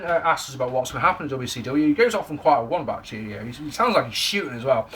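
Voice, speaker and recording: A man's voice: fairly high pitch, lively intonation, quick pace, few pauses, sharp tone, slight background noise. A young man giving a casual, jokey, sweary spoken wrestling review to camera.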